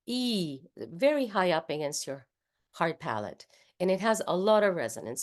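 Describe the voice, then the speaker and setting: A woman's voice: lowish voice, darkish tone. A woman with a Spanish accent, leading an online voice workshop over a video call and patiently demonstrating speech sounds aloud as she explains them. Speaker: voice workshop leader.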